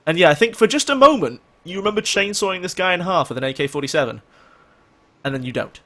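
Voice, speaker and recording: A man's voice: sits high, lively intonation, fast talker, sharp tone. A man narrating as game master, rambling with many fillers.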